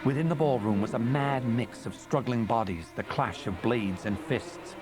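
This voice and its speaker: A man reading a fantasy novel aloud in measured, dramatic narration. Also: mid-range voice, music in the background. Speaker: audiobook narrator. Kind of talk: scripted narration.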